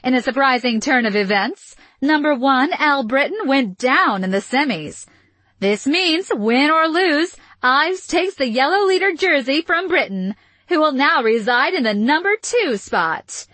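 Bubbly female surf reporter, read by a woman; sharp, dry, upbeat patter. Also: high voice, expressive, measured pace, no echo. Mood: chirpy. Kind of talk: audiobook character reading.

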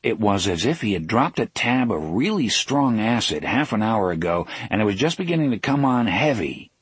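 A man narrating an audiobook in a measured, dramatic storytelling manner, slowing down for emphasis. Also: fairly low pitch, very animated, breathy edge, dry recording. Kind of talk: scripted narration.

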